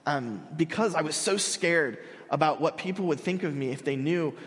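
An earnest young male pastor preaches with a slightly high voice. He talks in halting bursts and restarts his phrases often. His voice rings with a long reverb from a large church hall. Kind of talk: sermon.

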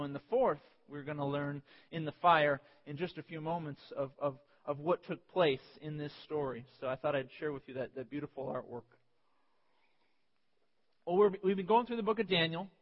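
A man pastor preaching a sermon, telling personal stories with animated voices and sudden yelps. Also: fairly high pitch. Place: church sanctuary. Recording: dull sound with long church reverb.

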